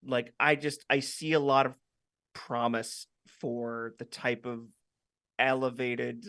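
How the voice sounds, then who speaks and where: A man's voice: medium pitch, little pitch movement, slow pace, a bit bright, no echo. A man co-hosting a casual podcast, hesitant at first and then earnest in his verdict. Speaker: podcast co-host.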